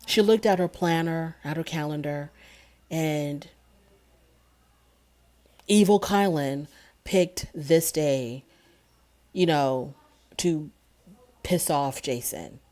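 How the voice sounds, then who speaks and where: A woman's voice: low-pitched, takes it slowly, pauses often, warm tone. A woman recapping a TV episode in casual commentary, sarcastic and indignant. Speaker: TV show reviewer.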